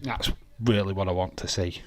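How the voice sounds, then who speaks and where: A man's voice: sits low, fairly even intonation, normal speed, a bit bright, no room sound. A young man from West Yorkshire with a Yorkshire accent, chatting casually and swearing freely as he hosts a live wrestling watch-along and talks to his chat by name. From West Yorkshire, England.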